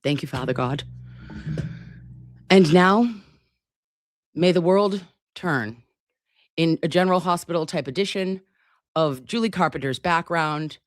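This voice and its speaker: A woman's voice: low voice, measured pace, pauses often, no room sound, clean studio sound. A woman hosting a casual live stream, chatting to her viewers in a playful, teasing and profane way. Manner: animated, swooping delivery.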